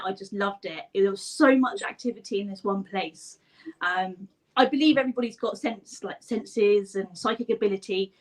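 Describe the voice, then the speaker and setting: A woman's voice: medium pitch, rough recording. A young woman, chatting as a guest about paranormal investigating. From southern England. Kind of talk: casual chat over video call.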